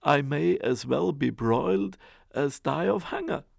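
Man doing a pleading young boy, polite, lively pitch, gravelly, dry close sound. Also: a little slow, no room sound, heavily acted. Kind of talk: storybook reading.

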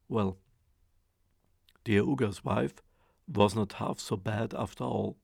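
Slow, gravelly man reading a fairy tale. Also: on the low side, no room sound, studio quality. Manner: expressive, rhythmic storytelling. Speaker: storyteller.

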